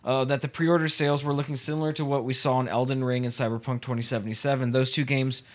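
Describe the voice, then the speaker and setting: A man's voice: medium pitch, level tone, fast talker. A podcast host with a mid-range voice reads out a gaming news article. He stays casual and loose, stumbling over words and laughing at his own slips. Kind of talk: casual chat, reading an article aloud.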